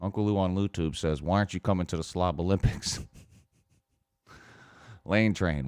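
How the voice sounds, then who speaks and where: A man's voice: low-pitched, moderate pace, no room sound, clean studio sound. A man hosting a casual show, reading viewer comments aloud in a mocking tone and often laughing. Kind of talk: casual chat.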